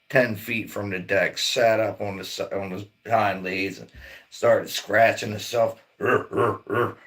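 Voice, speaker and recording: A man's voice: lowish voice, creaky, a bit bright. A middle-aged man from Maryland rambling in laid-back, profane casual chat as a livestream host. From Maryland, near Baltimore.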